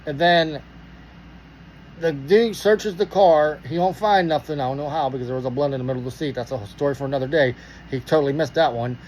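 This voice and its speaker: Fast-talking profane man from Pittsburgh. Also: on the high side, slight background noise, poor audio. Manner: profane, animated, acts out dialogue. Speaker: storyteller. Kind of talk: casual storytelling.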